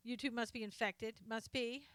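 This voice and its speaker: A woman's voice: fairly high pitch, fairly even intonation, normal speed, a bit bright, dry recording. A woman hosting a casual live stream, chatting, greeting viewers by name and reading their comments aloud, often trailing off with fillers.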